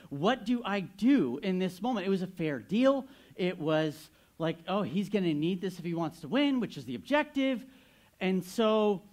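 Animated, lively-pitched male pastor preaching. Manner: animated storytelling, playful asides to the congregation. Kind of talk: sermon.

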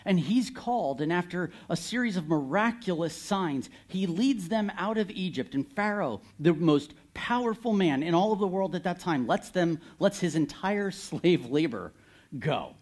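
Preacher guy telling a bible story, lively, voice goes up and down a lot, kinda high. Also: moderate pace. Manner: animated storytelling, candid, occasional laughs. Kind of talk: sermon.

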